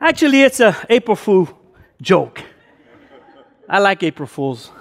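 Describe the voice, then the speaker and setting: A male pastor opening his sermon with a casual, chatty story full of slang and fillers, animated as he acts out the action. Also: unhurried. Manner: animated, jumps high in pitch when acting out excitement. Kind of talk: sermon opened with a casual told anecdote.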